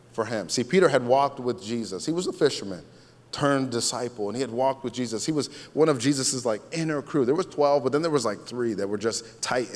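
A man's voice: mid-range voice, darkish tone, long reverb tail. A man preaching a sermon as pastor, in a casual, conversational way, often repeating his key phrases.

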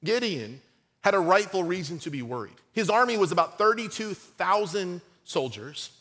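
A man preaching a sermon, retelling a scripture story in a casual, animated way with playful asides and acted-out quotes. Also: high voice, normal speed, husky. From United States. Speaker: pastor.

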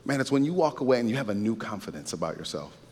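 A man's voice: fairly low pitch, very animated, racing, darkish tone, slightly rough, in a large hall. A man giving a casual sermon-style talk, conversational and repetitive, with frequent asides to his listeners. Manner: conversational, repeats himself, frequent asides to the audience. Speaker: speaker giving a faith-based talk.

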